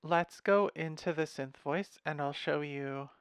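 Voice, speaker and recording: A young man casually walking through his music software patch, thinking aloud with fillers and wry asides, recorded at his computer. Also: on the high side, a little slow, clean tone, no echo, clean studio sound. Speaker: music software tutorial host. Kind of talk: casual screen-share walkthrough.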